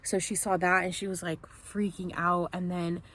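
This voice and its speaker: A woman's voice: fairly low pitch, little pitch movement, moderate pace, fairly bright tone, slight background noise. A woman vlogger casually telling a personal story, rambling and filling it with "like". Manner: rambling, heavy use of "like", acts out quotes.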